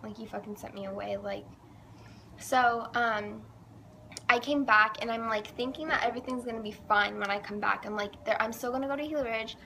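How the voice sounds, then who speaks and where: A woman's voice: fairly high pitch, fairly even intonation, a little fast, vocal fry, pushed and bright. A teenage girl casually telling her own story, saying "like" a lot. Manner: chatty, says "like" a lot. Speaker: vlogger. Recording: faint background noise.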